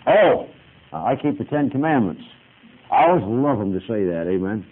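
A man's voice: on the low side, big pitch swings, moderate pace. A man who is a Baptist preacher, giving a folksy, conversational sermon full of stories and punctuated with "amen". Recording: tinny phone-like radio broadcast.

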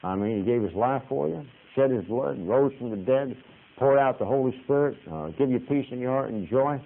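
A man's voice: medium pitch, a little fast, vocal fry. Folksy man preaching over tinny radio. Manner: conversational, storytelling, punctuated with "amen". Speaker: Baptist preacher. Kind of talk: folksy sermon. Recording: tinny phone-like radio broadcast.

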